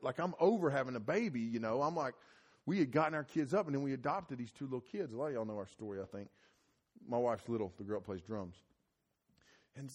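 A middle-aged man preaching a sermon at a conference, mixing scripture with lively personal stories and getting loud when excited. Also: a little fast, husky. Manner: animated, rises loud and high when telling stories. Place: conference hall.

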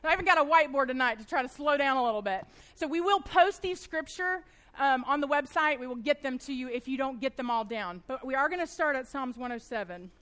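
High-pitched woman in her thirties, fast and animated, teaching a church group. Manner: fast-talking, animated storyteller. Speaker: women's Bible study teacher. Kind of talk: church teaching talk with personal stories.

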